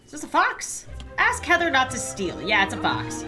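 A woman commentating as she plays a life sim game, excitable and squealing at cute animals while cracking playfully dark jokes. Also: sits high, moderate pace, soft background music. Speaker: gaming YouTuber.

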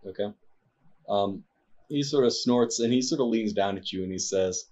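A man's voice: on the low side, moderate pace, a little mellow, dull audio. A man narrating as game master of a tabletop game, hesitant and full of fillers.

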